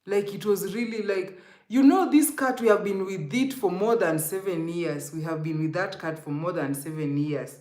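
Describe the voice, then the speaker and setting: A woman's voice: on the low side, normal speed, a little mellow, echoey room. A Kenyan woman telling an emotional, rambling storytime to her viewers, often calling them guys. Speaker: vlogger. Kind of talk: storytime vlog.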